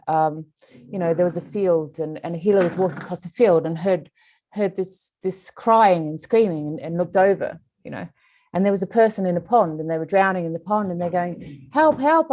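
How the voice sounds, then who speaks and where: Mellow-voiced woman therapist telling a story. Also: fairly low pitch. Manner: conversational, many fillers. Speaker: hypnosis and trauma therapist. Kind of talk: casual talk with storytelling.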